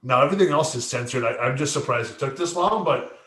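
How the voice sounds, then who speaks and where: A man co-hosts a casual late-night stream from a room with a noticeable echo. His voice sits in an ordinary middle pitch. He stumbles over his words, repeats himself and swears freely. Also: lively intonation, quick pace, a bit bright. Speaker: podcast co-host.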